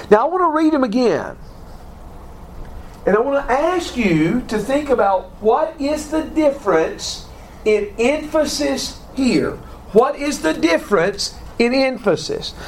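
A man teaching a Bible class, reading passages slowly and deliberately and putting questions to his students. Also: high-pitched, a little hiss or hum.

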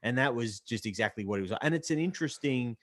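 A man's voice: medium pitch, animated, quick pace, no room sound. A man guesting on a motorsport podcast, enthusiastic and talkative in long flowing turns. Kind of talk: casual motorsport chat.

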